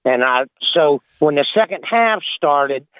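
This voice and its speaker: A man's voice: on the high side, lively intonation, measured pace, no room sound. A man calling into a radio show, telling a joke in a folksy way with lots of uhs. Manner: folksy storyteller with many uhs. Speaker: caller. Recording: tinny phone line.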